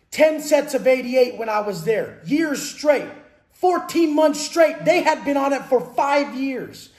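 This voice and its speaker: Blunt, profane high-voiced man in an echoey room. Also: a little mellow. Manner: aggressive, profane, emphatic. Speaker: fitness and mindset coach. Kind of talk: blunt profane monologue about prison life. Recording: roomy echo.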